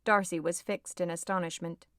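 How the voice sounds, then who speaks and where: A woman's voice: on the low side, fairly even intonation, normal speed, fairly bright tone, dry recording. Woman narrating a classic novel, dry close sound. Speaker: audiobook narrator. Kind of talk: scripted audiobook narration.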